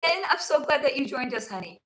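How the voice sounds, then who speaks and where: A woman hosting a casual livestream from home, reading viewer comments aloud, calling people honey and sweetie and swearing freely, her voice going hoarse. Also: sits high, big pitch swings, fast, noisy background. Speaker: livestream host. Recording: roomy echo.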